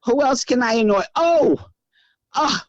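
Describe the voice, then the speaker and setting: A woman's voice: on the low side, a little slow. A brassy woman in her eighties with a thick Brooklyn accent, cracking blunt jokes in a casual interview. Her voice comes through dull, lo-fi call audio and sounds dry, with no room echo. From Brooklyn, New York. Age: 80s. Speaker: guest. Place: her house. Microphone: remote call.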